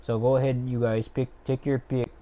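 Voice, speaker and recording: A man's voice: mid-range voice, level tone, normal speed, highs cut off. A young man hosting a livestream from home, ranting casually and profanely with many fillers and restarts. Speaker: livestream host ranking characters.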